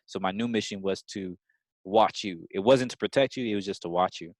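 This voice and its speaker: Man doing a calm spy guy, blunt, lower and quieter, dry close sound. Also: a little fast, no room sound. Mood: flat. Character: blunt male spy, calm and matter-of-fact.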